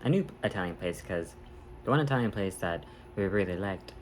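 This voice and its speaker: A man's voice: low voice, animated, a little fast, a little hiss or hum. Bubbly, chatty man vlogging outdoors. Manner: chatty, bubbly, self-correcting. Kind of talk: casual daily vlog. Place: outdoors at a farmers market, then at home.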